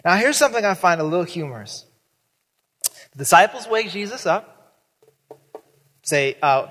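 Male pastor, higher voice, animated sermon delivery, church hall reverb. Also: normal speed, long pauses. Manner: animated, acts out quoted voices with big pitch jumps.

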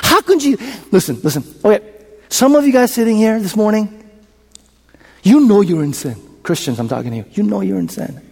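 A preacher delivering a sermon with a strikingly high voice for a man. He swings from loud declarations down to hushed whispers, repeats his points and questions the congregation. His voice rings with a long reverb through a church sanctuary. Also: big pitch swings, a little fast, vocal fry, husky. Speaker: pastor.

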